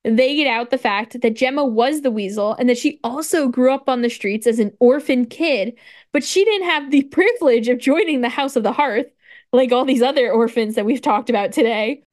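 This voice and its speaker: A woman co-hosting a podcast, casually recapping a story with lively retellings, frequent "like", casual swearing and laughter. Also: a little high, moderate pace. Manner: animated storytelling, acts out dialogue, frequent "like". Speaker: podcast co-host. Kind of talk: casual chat recapping a video game story.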